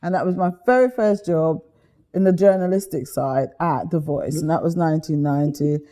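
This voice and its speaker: Woman, interview guest, chatty storyteller, warm low-ish voice. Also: normal speed. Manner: lively, chatty, slips into voices while telling stories. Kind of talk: animated storytelling.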